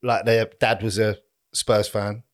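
A man's voice: fairly low pitch, level tone, a little slow. A man, co-hosting a podcast, trading laid-back sweary banter. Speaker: podcast co-host. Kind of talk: casual chat.

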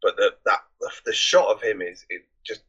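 A man's voice: fairly low pitch, moderate pace, fairly bright tone, husky, muffled recording. A man co-hosting a podcast, talking eagerly about a film and often breaking off mid-sentence. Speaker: podcast co-host. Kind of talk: casual film review chat.

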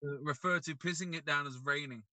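A man with an English accent co-hosting a podcast in casual chat, talking from a car, telling stories in an animated, mocking way. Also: on the high side, quick pace, no echo, recorded from a distance. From England. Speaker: podcast co-host.

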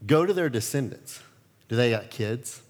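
A male pastor preaching a sermon, telling stories with lively acted-out quotes. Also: mid-range voice, normal speed, in a large hall. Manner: animated storytelling, acts out quotes.

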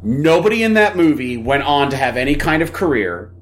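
A man's voice: a little high, expressive, a little fast, slight background noise. A man co-hosting a casual podcast chat, joking crudely and restarting his sentences. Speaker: podcast co-host.

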